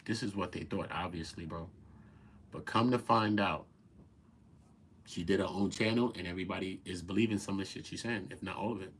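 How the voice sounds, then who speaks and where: A man hosting a casual commentary show, talking in an animated, profane and incredulous way. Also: sits low, fairly quick, husky. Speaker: commentary host.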